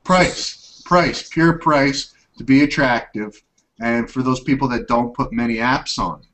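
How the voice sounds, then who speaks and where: A man's voice: mid-range voice, a little slow, fairly bright tone, low-quality recording. A man hosting a casual tech podcast, chatty and upbeat, rambling as he talks. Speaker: tech show host.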